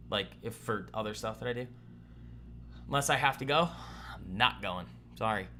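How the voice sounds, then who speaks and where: A young man hosts a live stream from his apartment in a loose, rambling way, joking between asides to his chat. His voice is bright and forward, and a faint hum sits under the recording. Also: fairly low pitch, fairly quick. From Boston area. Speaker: trading stream host. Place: apartment room.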